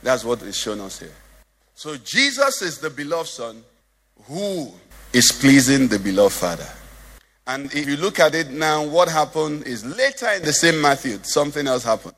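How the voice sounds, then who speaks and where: A man's voice: a little high, very animated, moderate pace, fairly bright tone, long reverb tail. A male pastor preaching a sermon, lilting in a sing-song way and asking the congregation questions. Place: church.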